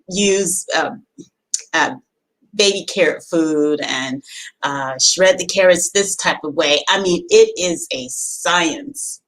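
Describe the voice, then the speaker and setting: A woman's voice: mid-range voice, a bit bright, rough recording. A woman business coach giving a motivational talk, emphatic and repetitive in her exhortations.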